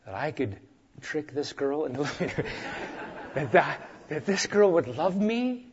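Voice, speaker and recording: A middle-aged man preaches a sermon from the pulpit. His voice sits a touch high and turns earnest and emphatic, then drops to a quiet, slow hush. The recording is dull and lo-fi. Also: big pitch swings, a little hiss or hum. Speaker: pastor.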